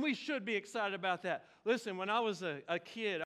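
A man from Oklahoma, preaching a lively, storytelling sermon with sudden bursts of shouting. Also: high voice, a little fast. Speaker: pastor.

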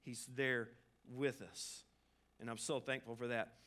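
A man's voice: mid-range voice, flat delivery, unhurried, a bit bright. A man preaching a sermon as pastor, casual and joking with asides to the congregation. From Arkansas.

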